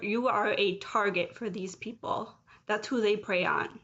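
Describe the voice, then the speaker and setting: A woman in her late thirties, with a mid-range and fairly bright voice, speaks rawly and emotionally in a personal vlog. She's confessional, with flashes of anger breaking through. The recording has a dull, lo-fi sound.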